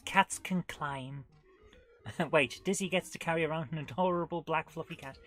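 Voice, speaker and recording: A woman's voice: low-pitched, moderate pace. A woman in her forties hosting a live retro-gaming stream, chatty and giggly, commenting on the game and reading chat aloud.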